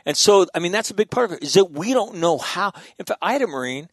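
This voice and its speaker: A middle-aged man in a casual podcast conversation, telling stories in a profane, animated way. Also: sits high, quick pace, no room sound.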